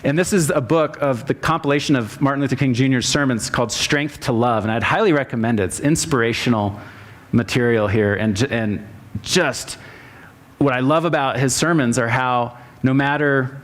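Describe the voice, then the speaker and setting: A man, a pastor, speaking casually to his congregation before reading a sermon aloud with rising emphasis. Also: mid-range voice. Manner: conversational, with fillers, then reads a sermon in a rising, emphatic tone. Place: church sanctuary.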